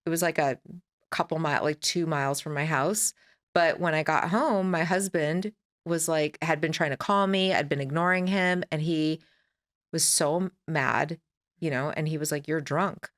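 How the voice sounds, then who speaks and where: A woman's voice: deep voice, moderate pace. A woman in her forties, a podcast guest telling a personal story in a candid, rambling way and acting out her own past conversations.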